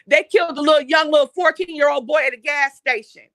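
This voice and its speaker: A woman's voice: sits high, fast, a bit bright, no echo. A woman hosts an impassioned monologue. She talks bluntly and heatedly and swears often. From Detroit, USA. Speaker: online talk show host.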